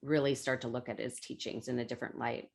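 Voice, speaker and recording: Podcast host, woman with a very low voice. Asks thoughtful, probing questions. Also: level tone, quick pace, creaky. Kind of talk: interview questions.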